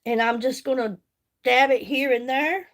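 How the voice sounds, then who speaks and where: A folksy middle-aged woman with a drawl talks into her phone during a live makeup stream. Her voice sits a little high, and she chats warmly with her viewers, calling them by name between steps. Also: fairly even intonation, moderate pace.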